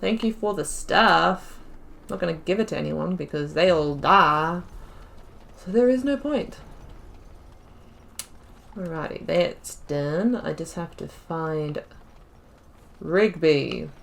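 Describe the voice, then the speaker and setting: A woman's voice: deep voice, takes it slowly, creaky, long pauses, a bit bright. A woman gamer giving casual let's play commentary, chatting and talking back to the characters on screen.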